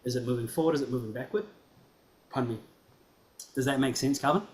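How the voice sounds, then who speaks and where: A man's voice: medium pitch, fast, a little mellow. A man teaching piano, giving a student encouraging feedback in a performance class and often checking that he is understood.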